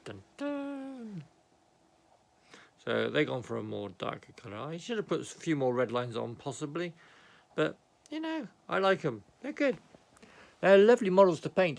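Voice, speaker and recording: An excitable British man shows off his miniatures in a home office, his voice slightly high with a gravelly rasp. He rambles cheerfully, pokes fun at himself and drops quiet muttered asides. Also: a little fast. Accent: British English. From Britain. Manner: chatty, excitable, self-mocking, often mutters aside. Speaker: hobby miniature painter vlogger. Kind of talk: rambling casual show-and-tell.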